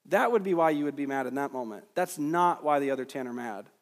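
A man's voice: medium pitch, animated, fast, in a large hall. A man preaching an expository sermon in an earnest, emphatic way, with his voice climbing at points of stress. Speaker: pastor.

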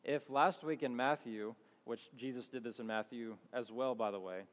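A man's voice: medium pitch, moderate pace. A man giving a conversational Bible teaching, reading passages aloud and explaining them, often correcting himself as he goes. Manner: conversational, restarts and self-corrections. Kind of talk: sermon with scripture reading. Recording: long hall reverb.

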